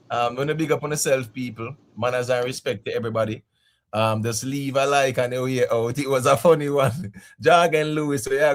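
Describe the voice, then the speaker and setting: A young Jamaican man with a medium-pitched voice hosts a laid-back live stream. He laughs a lot and shouts out his viewers in patois.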